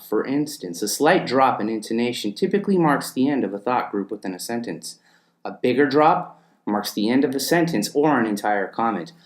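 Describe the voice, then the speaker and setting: A man delivers a scripted lesson at an unhurried pace, setting phrases apart with deliberate pauses. His pitch sits in the middle range. The recording picks up a noticeable room echo. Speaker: teacher.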